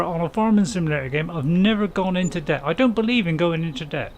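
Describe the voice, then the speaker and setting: A man's voice: a little high, expressive, fast, a little hiss or hum. A man hosting a casual game let's-play, chatting with viewers in a rambling, apologetic way with frequent chuckles. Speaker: gaming channel host.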